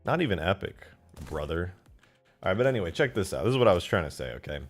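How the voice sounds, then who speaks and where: A man commentating his game modding on a live stream, excitable and foul-mouthed, swinging into loud outbursts. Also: low voice, fast, faint music behind. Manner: excitable, swears a lot, flares into loud outbursts.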